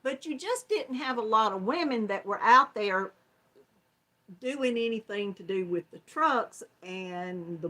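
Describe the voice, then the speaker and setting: With a mid-range, slightly bright voice, this older Georgia woman speaks in a Southern American accent as she hosts a relaxed crochet livestream. She chats folksily with her viewers and laughs a lot.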